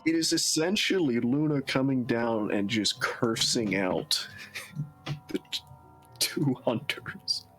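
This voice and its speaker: A man narrating and refereeing a tabletop role-playing game, talking in a relaxed, halting way and laughing often. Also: medium pitch, faint music behind. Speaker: storyteller.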